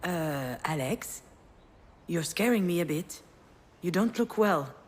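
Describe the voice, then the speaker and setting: A woman voicing a mother in a video game, telling a family memory in a warm storytelling manner. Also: on the low side, slow, slightly rough, full character voice. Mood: worried. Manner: warm storytelling, rising to excited cries. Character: tender mother remembering a family trip.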